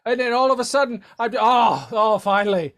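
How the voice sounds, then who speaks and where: A man playing a confused man from 17th-century England, shouting in alarm at modern gadgets. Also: very high-pitched, animated, brisk, pitched above the performer's own voice, heavily acted. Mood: dazed.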